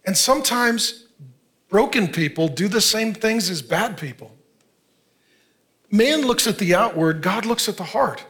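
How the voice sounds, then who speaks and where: A man in his fifties, a pastor preaching an earnest, conversational sermon with quick asides. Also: high voice, expressive, a bit bright. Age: 50s.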